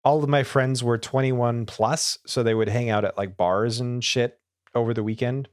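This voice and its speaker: A man's voice: medium pitch, steady tone, moderate pace, smooth, dry recording, clean studio sound. A young man co-hosting a podcast in casual chat, enthusiastic and often laughing. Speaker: podcast co-host.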